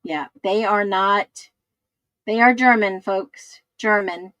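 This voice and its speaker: A woman hosts a casual livestream, reading viewers' comments and musing aloud while she searches for things. She speaks slowly in a medium-pitched, fairly bright voice, and the sound is dry and close with little room echo.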